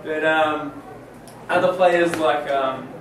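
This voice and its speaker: A man's voice: fairly high pitch, takes it slowly. A young man giving his views on a sports chat, hesitant and full of ums and uhs. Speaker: guest panelist. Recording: echoey room, distant mic, faint noise.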